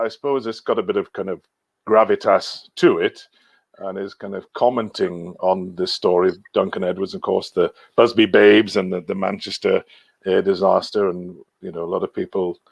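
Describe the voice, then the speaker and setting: Gravelly-voiced man chatting loosely. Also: fairly low pitch, no room sound. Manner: rambling, trailing off, chuckling. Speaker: guest singer. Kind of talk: casual chat.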